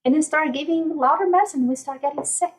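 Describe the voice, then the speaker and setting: A woman life coach speaking gently and soothingly in a podcast interview, softly repeating calming mantras. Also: high voice, a little fast, low-quality recording.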